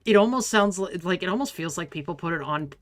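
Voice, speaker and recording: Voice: medium pitch, animated, fast talker, no room sound, soft background music. A streamer in their thirties chatting loosely while playing a game, swearing and laughing often. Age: 30s. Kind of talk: casual chat while gaming.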